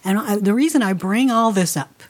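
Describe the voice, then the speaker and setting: A woman's voice: mid-range voice, moderate pace, a little mellow. Playful woman co-hosting a chat. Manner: laughing, playful, explains at length. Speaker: co-host. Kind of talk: casual chat.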